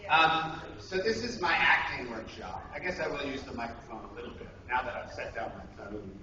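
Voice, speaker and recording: A man's voice: medium pitch, lively intonation, brisk, pushed and bright. A male voice actor leading an acting workshop at a convention, in a joking, self-deprecating, rambling way. He is heard in an echoey, dull, noisy convention room from far off. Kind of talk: casual convention workshop talk.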